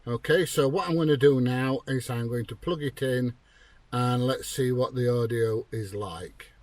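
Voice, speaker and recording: A man's voice: mid-range voice, measured pace, a little mellow. A British man chatting casually in a product review vlog, rambling with plenty of fillers. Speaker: vlogger. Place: inside a vehicle, then at a computer.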